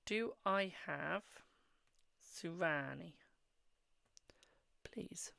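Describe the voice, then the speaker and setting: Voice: mid-range voice, very slow, gravelly, sharp tone, no echo. A host reading tarot on a live stream, answering viewers' questions, calling them "my darling" and murmuring while drawing cards. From England.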